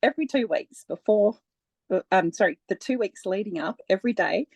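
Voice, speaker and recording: A woman speaking as a guest in a relaxed, conversational personal account, with frequent laughs and many fillers. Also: medium pitch, fairly quick, breathy edge, no room sound.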